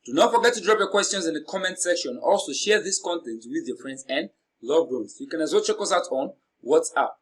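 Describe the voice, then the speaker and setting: A man teaching as an exam prep tutor, speaking slowly and deliberately, repeating words and stretching the stressed syllables. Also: on the high side, animated, low-quality recording.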